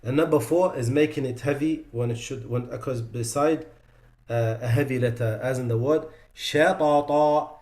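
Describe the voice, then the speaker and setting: Man teaching recitation, modeling sounds slowly. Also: mid-range voice, darkish tone. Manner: explanatory, demonstrates pronunciations slowly and repeats them; loose, conversational asides with fillers. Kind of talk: online class lecture.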